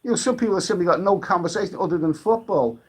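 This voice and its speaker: A man from Britain hosts a casual live stream, sipping drinks and reading viewer comments while he rambles, hesitates, and keeps restarting. He has a high, husky voice.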